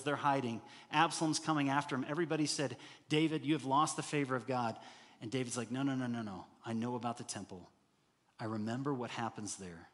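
A man preaching a sermon as pastor, animated and rising to loud, emphatic bursts. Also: mid-range voice. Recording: hall reverb.

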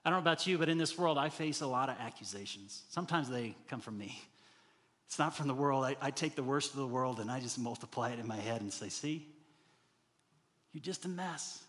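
A man's voice: mid-range voice, quick pace, fairly bright tone, in a large hall. A middle-aged man preaching a sermon earnestly, building to emphatic peaks and acting out the inner voices he describes. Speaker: pastor.

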